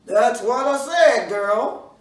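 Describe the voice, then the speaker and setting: A woman's voice: a little high, wildly swooping pitch. A woman doing a plain-spoken folk-tale farmer. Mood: brisk. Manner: folksy, brisk instructions. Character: hardworking male farmer, plain and generous. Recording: roomy echo from a distance, faint room noise.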